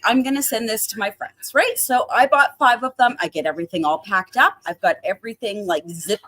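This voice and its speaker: A woman's voice: a little high, a little fast, few pauses, fairly bright tone. A middle-aged woman from Canada, a home grower chatting as a guest, giggling often and telling stories. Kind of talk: casual chat.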